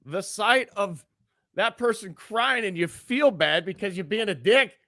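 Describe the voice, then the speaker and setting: A man's voice: high-pitched, lively intonation, a little slow, sharp tone, no echo, clean studio sound. A man co-hosting a radio show, teasing and asking blunt questions. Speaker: radio co-host. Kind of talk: morning radio banter.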